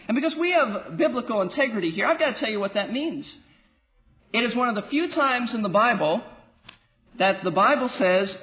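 Man pastor, high voice that swings widely, muffled lo-fi sound, faint music behind. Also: a little fast. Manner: animated and wry, with playful asides. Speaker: pastor teaching a Bible class. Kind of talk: lively Bible teaching.

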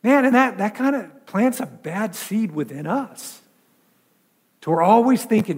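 High-voiced pastor preaching in a reverberant hall. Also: male voice, lively intonation, unhurried, darkish tone. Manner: conversational preaching with many repeated words and rhetorical questions. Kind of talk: sermon.

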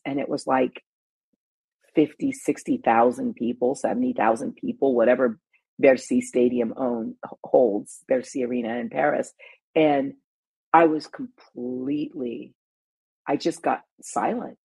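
A middle-aged woman with a low, gravelly voice, rough and very husky, tells a story in a casual, animated way. She restarts her sentences and throws in emphatic asides. Her voice is recorded close and dry, with no room sound. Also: a little slow, dry recording. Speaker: talk show host and panelist.

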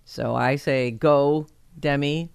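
A woman's voice: rumbling low, fairly even intonation, takes it slowly, vocal fry, darkish tone, clean tone, no room sound, clean studio sound. A woman hosting a casual talk show, chatty and wry with playful sarcasm. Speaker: host. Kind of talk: casual chat show banter.

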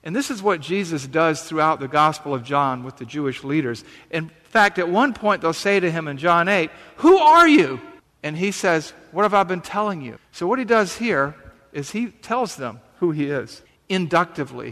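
A man's voice: on the high side, normal speed, sharp tone. Man preaching in a reverberant hall. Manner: conversational preaching, emphatic repetitions. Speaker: pastor. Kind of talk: sermon with scripture reading.

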